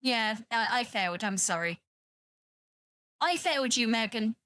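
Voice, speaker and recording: A woman's voice: a little high, lively intonation, a little slow, a bit bright, smooth, no room sound. A British woman streaming, chatting casually and rambling to her viewers, teasing them and swearing freely. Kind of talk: casual livestream chat with viewers.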